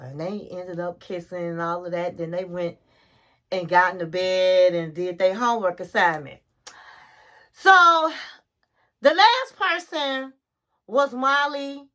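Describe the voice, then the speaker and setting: A woman's voice: mid-range voice, a bit bright. A woman recapping a reality show episode in a chatty, gossipy way, calling the listener honey.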